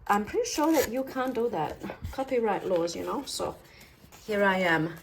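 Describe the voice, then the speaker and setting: A woman's voice: mid-range voice, animated, normal speed, noisy background. Chatty Australian woman crafting. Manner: rambling and self-deprecating, talks while working. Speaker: craft vlogger.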